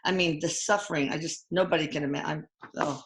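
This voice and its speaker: A woman's voice: low voice, steady tone, echoey room. An older woman in casual conversation as host, retelling a hard experience with many halts and restarts. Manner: halting, emotional retelling with restarts. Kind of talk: casual chat.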